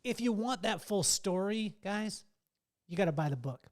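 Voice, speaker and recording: A middle-aged man hosting a podcast, telling stories in a lively way with a laugh and putting questions to his guest. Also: sits high, moderate pace. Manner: storytelling, animated and laughing. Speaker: podcast host. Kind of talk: casual interview chat.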